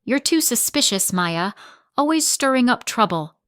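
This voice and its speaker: A woman's voice: a little high, lively intonation, moderate pace, fairly bright tone, clean tone, dry recording, clean studio sound, voice pushed up. A woman voicing a cold, defensive middle-aged mother who accuses her daughter. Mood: accusing.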